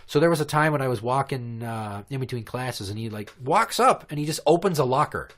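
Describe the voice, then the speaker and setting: Profane podcast guy from minnesota, animated pitch, keeps laughing at his own stories. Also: brisk. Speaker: podcast host. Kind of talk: casual storytelling chat.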